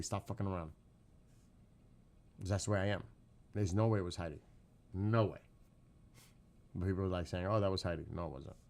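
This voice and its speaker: A man's voice: low voice, darkish tone. A middle-aged man hosting a livestream, telling stories in a loose, profane, casual way. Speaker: livestream host.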